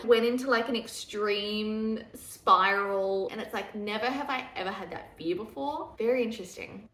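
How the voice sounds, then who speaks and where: A young woman, pregnant, chatting casually and candidly to camera, laughing easily and dropping into a hushed voice for asides. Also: a little high, moderate pace. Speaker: vlogger. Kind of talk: casual pregnancy update chat. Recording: echoey room.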